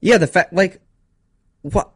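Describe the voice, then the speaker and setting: A young man co-hosting a casual podcast, rambling through topics with quick asides, laughs and a slightly nasal voice. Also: sits high, breathy edge, no room sound, clean studio sound. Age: young adult. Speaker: podcast co-host. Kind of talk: casual chat.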